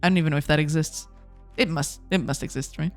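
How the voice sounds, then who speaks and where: A woman's voice: low voice, fast talker, soft background music. A woman streaming game development live, chatting casually with her viewers, laughing often and repeating herself in a self-deprecating way.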